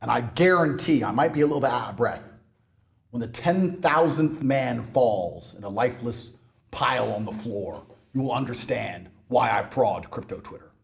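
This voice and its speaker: A man in a heated interview, ranting in a brash, mocking way, swinging between loud outbursts and low mutters. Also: animated, moderate pace, gravelly. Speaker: interview guest. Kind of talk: heated rant.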